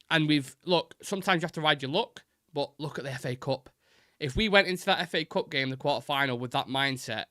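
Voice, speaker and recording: A man's voice: mid-range voice, bright, forceful tone, no room sound, studio quality. A man hosting a live football chat stream, blunt and sweary, reading out and answering viewer comments. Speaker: host.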